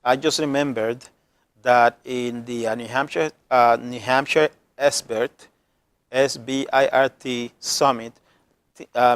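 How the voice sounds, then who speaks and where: A man with a non-native accent hosting a community TV program as a health worker, earnest and emotional, halting often to restart his words. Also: mid-range voice, clean tone, dry recording. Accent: non-native English accent.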